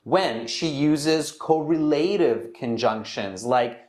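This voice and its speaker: A man's voice: a little high, slow pace, roomy sound. A man narrating commentary on a speaking exam and explaining how it is scored. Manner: explains clearly, with lively intonation.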